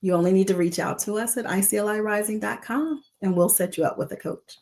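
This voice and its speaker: A woman hosting a weekly live coaching talk, speaking in an expressive, emphatic way and repeating key words. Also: mid-range voice, quick pace. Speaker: coach trainer, host of a weekly live show.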